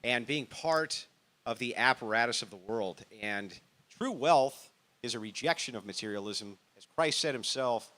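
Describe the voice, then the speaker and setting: A man on a podcast panel making his point in a measured, earnest way. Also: mid-range voice, expressive, bright, forceful tone. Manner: measured, earnest, quotes scripture. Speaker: panel guest.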